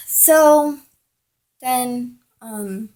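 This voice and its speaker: A woman's voice: high-pitched, drawn-out words, a little mellow. A woman telling a personal story in a rambling, casual way, full of "like" and "I'm all like". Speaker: vlogger.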